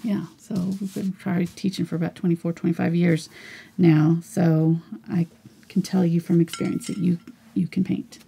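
A woman in her forties teaching a live painting lesson, chatty and encouraging, often slipping into soft whispers as she works. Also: on the low side, level tone, moderate pace, creaky, breathy edge. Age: 40s. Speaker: art teacher.

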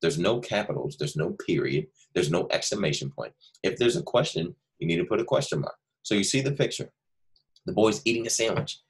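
A deep-voiced man teaches first graders through a recorded screen-share lesson. His voice is low and a little husky, and he talks slowly and patiently, reading example sentences aloud with lively stress, as if to small children.

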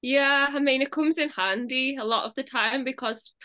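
Chatty British young woman, bright voice. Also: high voice, moderate pace. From England. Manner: chatty, many "like" fillers, laughs often. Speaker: actress, guest. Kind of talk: casual interview chat.

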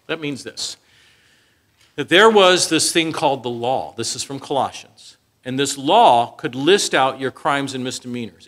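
Bright-voiced man preaching a lively sermon. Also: medium pitch. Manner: animated, acts out quoted voices, asks the audience questions. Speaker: Bible teacher.

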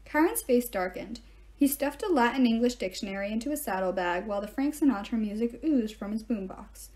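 A woman reads a novel aloud in a steady, storytelling first-person voice. Her tone is slightly high and warm, and her delivery stays even. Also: a little fast. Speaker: reader.

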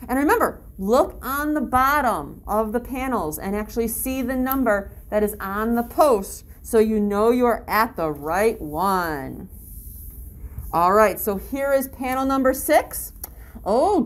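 A woman with a high, bright voice leads children along an outdoor story walk, reading a picture book aloud. She sounds upbeat and encouraging in the way of a teacher, and she breaks into playful animal-sound imitations. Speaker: library story-walk guide.

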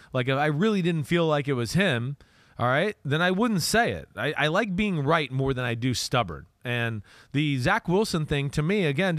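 A man's voice: fairly high pitch, fairly bright tone, no room sound, studio quality. A middle-aged man with a New Jersey accent, co-hosting a casual football podcast and often repeating words as he starts a thought. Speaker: podcast co-host, football analyst. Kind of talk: casual sports talk.

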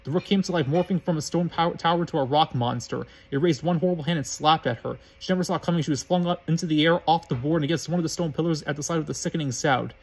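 A man's voice: fairly high pitch, fast talker, hardly any pauses, darkish tone, slightly rough, low-quality recording. A man reading a fan fiction story aloud as narrator in a plain, matter-of-fact way.

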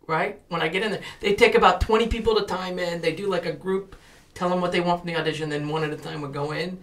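Bright-voiced man telling stories. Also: high-pitched, fairly even intonation, quick pace. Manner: acts out voices of people in his stories. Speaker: podcast guest, actor and comedian. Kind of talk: animated storytelling.

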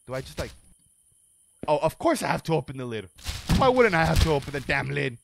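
A young man giving let's-play commentary on a game, excitable and profane, yelling and joking as he plays. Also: fairly high pitch, brisk, gravelly, noisy background. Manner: excitable, profane, yells and jokes. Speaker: gaming video creator. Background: game music.

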